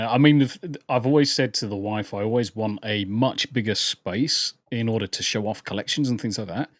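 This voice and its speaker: A British man from England joins as a guest from a small spare bedroom, chatting casually, rambling and laughing a lot. His voice is fairly low, at a normal speed with few pauses. The recording is dry, made on a home computer setup.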